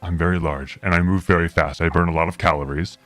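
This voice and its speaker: Deep-voiced man in mock-dignified role-play. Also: steady tone, fast talker, fairly bright tone, no echo, faint music behind. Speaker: player voicing his character. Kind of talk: in-character tabletop role-play.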